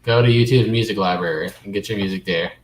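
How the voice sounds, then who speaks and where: A man's voice: on the low side, quick pace. A man hosting a casual live stream, rambling along and reading viewer comments aloud. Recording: echoey room with faint noise.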